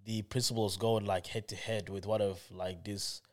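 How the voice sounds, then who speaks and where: A young man co-hosting a podcast, excitable and slangy in casual chat. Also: fairly low pitch, normal speed. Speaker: podcast co-host.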